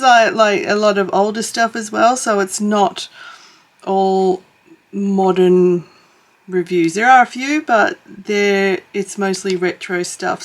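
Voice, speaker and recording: A middle-aged Australian woman chatting casually to her channel while crafting, rambling and correcting herself, with small chuckles. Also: mid-range voice. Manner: rambling, self-correcting, chuckles as she talks. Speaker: YouTube crafter and vlogger. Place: home, in a suburb.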